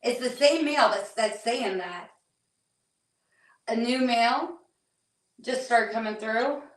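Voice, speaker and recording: A woman working as a psychic medium, relaying what she hears in halting, hesitant bursts with many restarts. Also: a little high. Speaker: psychic medium on a paranormal investigation. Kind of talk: live on-site spirit readings. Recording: echoey room, voice from a distance.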